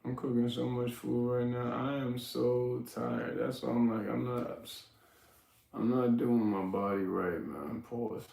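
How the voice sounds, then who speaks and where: A man's voice: mid-range voice, fairly even intonation, unhurried, vocal fry, mellow, roomy sound, distant mic. A young man hosting a casual livestream while he cooks, joking loosely and talking to his chat. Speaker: livestream host. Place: home kitchen.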